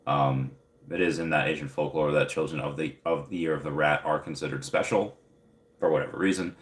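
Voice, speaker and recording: A man's voice: a bass voice, fairly even intonation, fairly quick, echoey room. A young man hosting a casual livestream, reading viewer comments aloud and rambling with many fillers. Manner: rambling, filler-heavy, upbeat. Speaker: livestream host.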